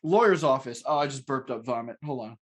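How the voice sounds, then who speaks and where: A man's voice: medium pitch, expressive, a little fast, husky. A man co-hosting a podcast, reading stage directions from a script and chatting in a crude, joking way, often laughing. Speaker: podcast co-host. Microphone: podcast mic.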